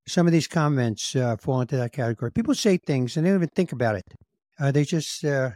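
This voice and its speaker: A man's voice: mid-range voice, animated, fast, darkish tone, dry recording, studio quality. A man hosting a podcast, telling self-deprecating comic stories in a wry, conversational way and acting out what others said to him. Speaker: podcast host. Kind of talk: comedic conversational storytelling.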